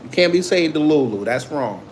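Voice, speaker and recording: High-voiced man mocking with laughter. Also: expressive, normal speed, slight background noise. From immigrant to the United States. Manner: joking, mocking, laughs often. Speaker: commentary show host. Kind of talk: casual reaction commentary.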